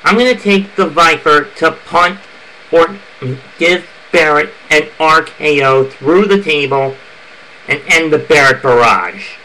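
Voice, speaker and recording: A man's voice: a little high, slow, bright, forceful tone, poor audio. A man giving his fight predictions in a casual monologue, opinionated and prone to heated rants. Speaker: wrestling fan giving event predictions. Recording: music playing under the voice.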